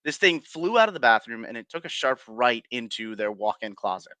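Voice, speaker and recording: A male paranormal investigator, guesting on a casual interview show, tells his stories in a loose, rambling way full of ums and restarts, chuckling as he goes. His medium-pitched voice is bright, forceful, and sing-song, his pace brisk. The recording is dry and close.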